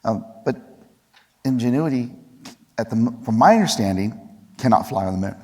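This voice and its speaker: A man's voice: mid-range voice, animated, normal speed, warm tone. A man on a conference panel, explaining eagerly with examples and asking "right?". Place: large conference hall. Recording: long reverb of a large conference hall.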